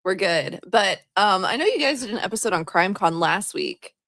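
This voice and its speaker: A woman's voice: mid-range voice, sing-song, moderate pace, fairly bright tone, no room sound, studio quality. A young woman co-hosting a podcast, telling a story in a rambling, laughing, apologetic way. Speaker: podcast co-host. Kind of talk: casual chat.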